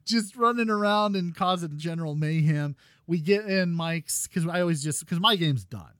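A man co-hosting a casual gaming podcast, talking in an animated, rambling way with laughs and restarts. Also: a little high, normal speed, dry recording, studio quality. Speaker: podcast co-host.

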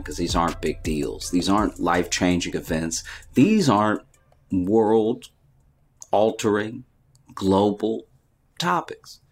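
A man co-hosting a podcast in casual chat, laid-back and playful, often murmuring along as the other host talks. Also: sits low.

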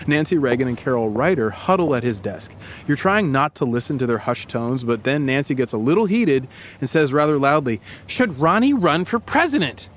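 A man's voice: medium pitch, animated, fairly quick, slight background noise. A male podcast host telling a dramatic story to his co-host in the second person. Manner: dramatic, builds scenes.

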